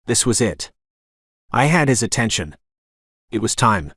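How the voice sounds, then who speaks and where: A man narrating a romance audiobook in first person, with a gruff, dramatic delivery. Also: lowish voice, animated, moderate pace, pauses often, a bit bright, no echo, clean studio sound.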